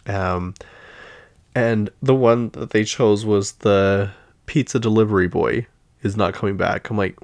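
A man's voice: lowish voice, unhurried, vocal fry. A man with a Utah accent hosting a casual pop-culture chat, chatty and easily exasperated, with lots of fillers. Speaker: podcast host.

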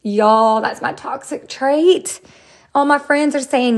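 A woman, hosting a podcast in a chatty, expressive way. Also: high voice, slow pace. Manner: chatty and expressive, bursts into loud acted quotes. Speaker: podcast host. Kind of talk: casual solo podcast talk.

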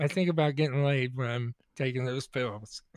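A man's voice: mid-range voice, normal speed, a little mellow, smooth, no echo. A man co-hosting a casual comedy podcast, telling rambling stories with lots of laughing and restarts. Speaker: podcast co-host.

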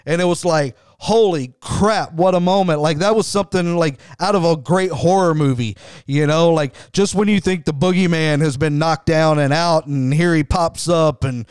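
A middle-aged man hosts a wrestling podcast, talking with enthusiasm in a loose, conversational way and often restarting his sentences. His voice is slightly higher than most men's, smooth and clear, and recorded dry and close. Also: normal speed, hardly any pauses, dry recording. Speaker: wrestling show host. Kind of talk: podcast commentary.

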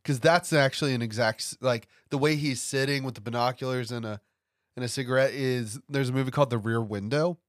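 Man, mid-pitched voice, casual podcast chat, dry close recording. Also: brisk, dry recording. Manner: relaxed, explains film references. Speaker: podcast co-host. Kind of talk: casual film discussion.

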